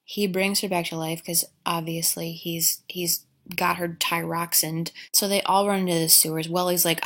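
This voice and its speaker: A woman's voice: fairly low pitch, little pitch movement, moderate pace, fairly bright tone. A woman giving a crude, sarcastic comedic recap of a movie, rambling with asides.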